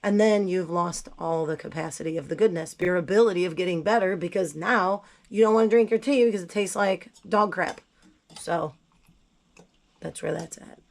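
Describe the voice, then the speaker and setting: A woman's voice: lowish voice, moderate pace, vocal fry, darkish tone. A woman with a cold making tea in her home kitchen, talking casually and bluntly to the camera with self-mocking asides. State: sick, voice not at its best. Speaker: gardening vlogger. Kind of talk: casual kitchen how-to chat.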